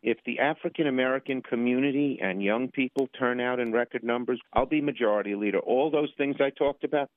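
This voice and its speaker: A man's voice: medium pitch, a little fast, few pauses, dry recording, phone-quality sound. A male politician in a played clip, making a pleading, urgent appeal to vote. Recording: dry, band-limited archive clip.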